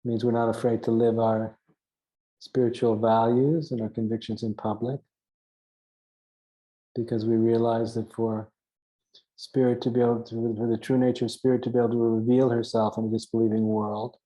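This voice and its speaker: A man's voice: medium pitch, level tone, normal speed, warm tone, low-quality recording. A man giving an earnest spiritual teaching talk, stressing his points by repeating phrases and now and then chuckling at himself.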